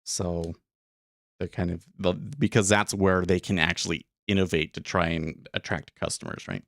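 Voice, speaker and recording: A man's voice: low-pitched, steady tone, moderate pace, gravelly, a bit bright, dry recording, studio quality. A man hosting a day trading livestream, talking casually and rambling with lots of fillers and restarts. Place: home studio room.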